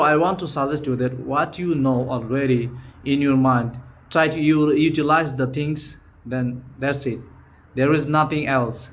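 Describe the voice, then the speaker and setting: A man with a Bangladeshi accent, a native Bengali speaker, gives an earnest, informal spoken-English lesson, often restarting and repeating himself. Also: a little high. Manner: earnest, repetitive, frequent restarts. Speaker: English teacher.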